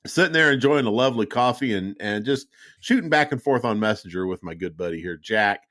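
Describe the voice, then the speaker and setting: A man's voice: fairly low pitch, lively intonation, a little fast, fairly bright tone. A middle-aged man hosts a casual podcast chat. He rambles through stories, swears often and restarts his sentences as he goes. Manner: profane, rambling storyteller with frequent restarts. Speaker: podcast host.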